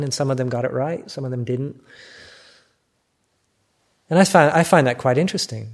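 An older man with an American accent, a Buddhist monk giving a reflective, gently self-mocking dharma talk. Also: mid-range voice, normal speed. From United States.

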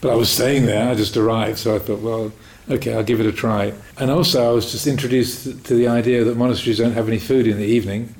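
Man, meditation teacher, calm reflective storytelling, self-mocking humor, mid-range voice. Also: mid-range voice, fast talker, few pauses, a little hiss or hum, rough recording. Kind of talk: answering a question in a Dhamma talk.

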